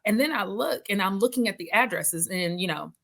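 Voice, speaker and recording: A middle-aged woman judge telling stories in a casual interview, animated and acting out what people said. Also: medium pitch, a little fast, gravelly. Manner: animated storyteller, laughs often, acts out quotes.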